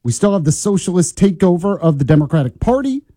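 A man's voice: high voice, big pitch swings, fast talker, mellow, no room sound. A man hosting a morning talk radio show, chatty and opinionated, teasing listeners and colleagues. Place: radio studio.

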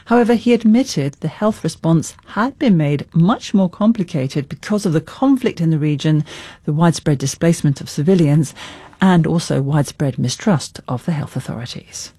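Crisp scripted news presenter. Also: mid-range voice, expressive, moderate pace, mellow, no echo.

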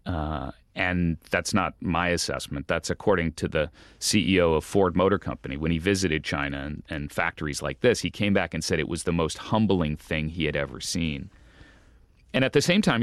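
Journalist guest, very low man's voice, lively storyteller with restarts and amused asides, dry close sound. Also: a little fast, dry recording. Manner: animated, stumbling restarts, amused. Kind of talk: interview storytelling.

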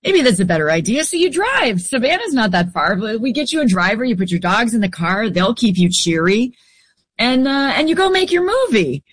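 A woman voicing a blunt, upbeat male doctor with a New York accent, speaking briskly and matter-of-factly. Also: a little high, big pitch swings, breathy edge, dry recording, voice pushed up. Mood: breezy.

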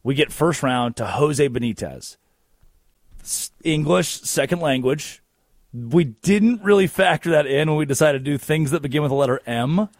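A man hosting a casual sports talk show, telling stories in an animated, joking way. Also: a little high, normal speed, dry recording, clean studio sound. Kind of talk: casual comedic chat.

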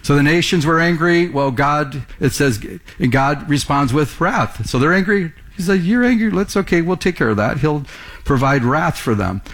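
A man's voice: on the high side, lively intonation, moderate pace, a bit bright. A man preaching a sermon in a conversational way, often repeating words and asking the congregation questions. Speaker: pastor.

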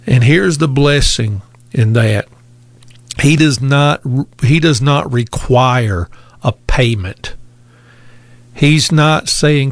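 Male preacher, gravelly and unhurried, dry recording, deliberate repetitive delivery. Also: medium pitch, no echo. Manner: slow, deliberate preaching with repeated phrases. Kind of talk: sermon.

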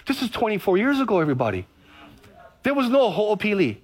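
A man, a pastor preaching an energetic sermon full of personal stories. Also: sits high. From Hawaii. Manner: energetic, storytelling with dramatic pauses.

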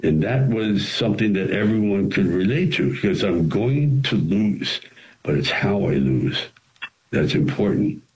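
A man, an actor and screenwriter, telling studio stories as an interview guest in an animated way, with frequent restarts. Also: fairly low pitch, unhurried, rough recording. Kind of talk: anecdotal storytelling.

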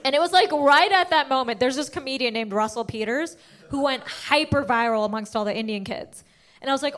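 High-voiced, animated woman comedian. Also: brisk. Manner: animated storytelling, lots of "like". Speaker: stand-up comedian. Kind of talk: stand-up set.

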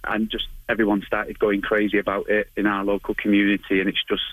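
Brief: Manchester-accented man, thirties, fairly low voice, chatty and halting, dry close sound. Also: completely flat delivery, a bit bright, dry recording, rough recording. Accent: Manchester area English. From England. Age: 30s. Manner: chatty, hesitant with many ums, laughs often. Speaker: guest, martial arts instructor. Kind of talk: radio interview answers.

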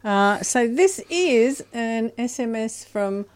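Lively-voiced woman co-host. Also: fairly high pitch, takes it slowly, no room sound. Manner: playful, reads listener texts. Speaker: radio co-host. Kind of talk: casual on-air chat.

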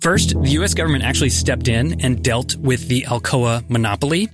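A man's voice: medium pitch, fairly quick, music in the background. A man hosting a podcast, telling a story conversationally with casual fillers. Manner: curious, conversational, frequent fillers. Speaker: podcast host. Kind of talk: scripted podcast storytelling with banter.

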